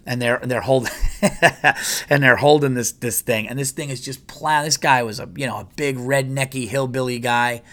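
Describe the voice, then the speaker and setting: A man's voice: medium pitch, steady tone, moderate pace, sharp tone. A man hosting a podcast, telling a story in a casual, rambling and profane way. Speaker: podcast host.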